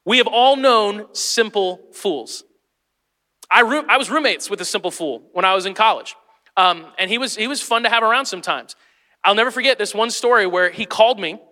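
A man in his forties preaches with a high, bright, ringing voice. He jokes and calls out to his congregation as he teaches. The sound carries a long reverb from a church hall. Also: a little fast. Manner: lively, joking, talks straight to the congregation. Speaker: pastor. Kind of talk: sermon.

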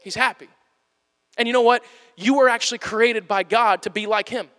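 Male preacher, very high and bright voice, animated, casual delivery, long hall reverb. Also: fairly quick. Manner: animated, plain-spoken, playfully acts out quotes. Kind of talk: conversational sermon.

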